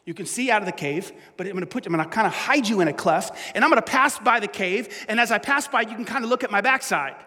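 God as a patient, merciful speaker who talks in plain, everyday words, as a preacher acts him out. The voice is high and bright. It rings out with a long hall echo. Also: male voice, fast, few pauses. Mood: reassuring. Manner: casual, conversational, reassuring. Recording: echoey hall.

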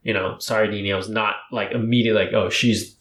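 A young man chatting casually as a podcast guest, telling a rambling, animated story full of fillers. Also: on the low side, very fast. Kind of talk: casual chat. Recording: roomy echo.

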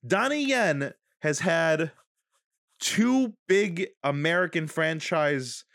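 A man co-hosting a podcast, talking casually about a movie, animated and laughing as he argues his point. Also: a little high, takes it slowly, creaky, no echo, clean studio sound. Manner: animated, laughs while arguing. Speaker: podcast co-host.

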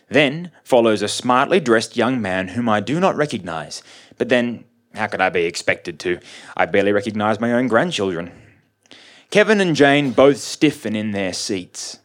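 A man narrating a first-person story in a measured, dry, observant way. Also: mid-range voice. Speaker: reader.

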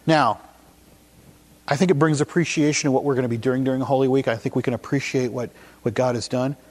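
A man preaching a sermon, telling a story to make his point, slowing down and speeding up for emphasis. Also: medium pitch, fairly even intonation, a little mellow. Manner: storytelling, shifting pace and emphasis.

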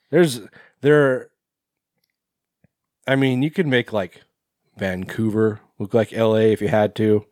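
A man co-hosts a podcast in casual chat, rambling with plenty of fillers and swearing freely. His voice is fairly low and steady, a little mellow, and he talks slowly with frequent pauses. The recording is dry and clean, with studio sound.

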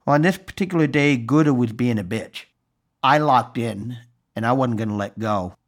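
Male podcast host, storytelling monologue, dry self-deprecating wit, medium-pitched voice. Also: moderate pace.

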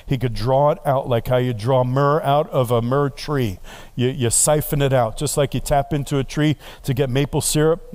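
A man's voice: mid-range voice, a little mellow. A middle-aged male pastor preaching a sermon in a conversational way, often asking the congregation questions.

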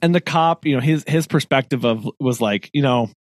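Speaking at normal speed in a medium-pitched voice, this podcast co-host tells a casual story with animated energy, frequent laughter, and acted-out voices for the people he quotes. The sound is clean studio audio, recorded dry.

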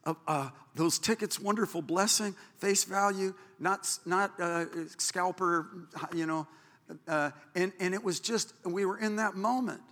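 A man preaching a sermon as pastor, telling a story in an animated, excitable way. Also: high-pitched, unhurried. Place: church. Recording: echoey church hall.

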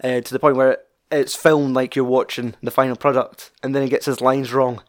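A man's voice: mid-range voice, little pitch movement, normal speed. Chatty Scottish man rambling about films. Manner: rambling, swears freely, many fillers. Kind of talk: casual film chat.

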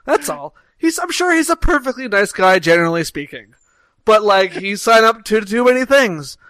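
A man's voice: sits high, sing-song, normal speed, a bit bright, no room sound. A Canadian man co-hosting a casual podcast who launches into exasperated, profane rants. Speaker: podcast co-host.

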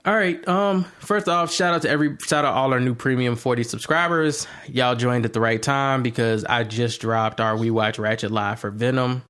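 A man hosts a laid-back podcast, riffing loosely and swearing freely. He rants with animated energy. His voice sits in a middle pitch. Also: normal speed, hardly any pauses. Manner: profane, animated ranting. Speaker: podcast host. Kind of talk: casual chat.

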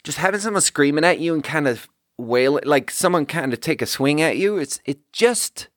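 A man's voice: fairly high pitch, moderate pace, dry recording. Man telling a story, dry close sound. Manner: animated, acts out quoted dialogue; rambling with frequent "like" fillers. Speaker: podcast host and bar manager. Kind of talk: casual storytelling.

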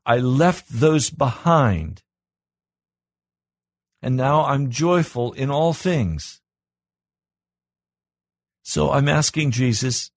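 A pastor preaching a sermon in an earnest, personal way, his voice lifting higher and louder when he drives a point home. The man's voice has a slightly husky edge at a middle pitch. It is recorded close and dry, with no room echo. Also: expressive, extremely slow, pauses often.

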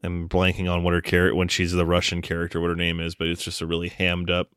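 A man's voice: low-pitched, completely flat delivery, fast, few pauses, a bit bright, smooth, dry recording, studio quality. A man co-hosting a casual movie podcast, recapping a film's plot in a loose, joking way. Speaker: podcast co-host.

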